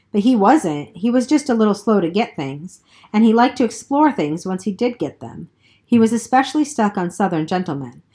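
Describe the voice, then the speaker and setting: A woman reading a novel aloud in a steady first-person narration, with the occasional slip. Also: mid-range voice. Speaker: reader.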